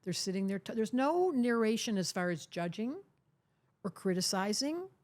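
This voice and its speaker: Older woman guest on a podcast, emphatic and playful, animated intonation. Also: medium pitch, moderate pace. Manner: emphatic, teasing, acts out quoted voices. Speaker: astrologer, guest. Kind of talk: podcast interview conversation.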